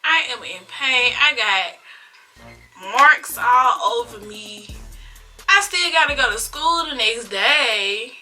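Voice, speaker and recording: An eighteen-year-old woman telling a personal story to her viewers in a casual, expressive, drawn-out way. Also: fairly high pitch, soft background music. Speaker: vlogger.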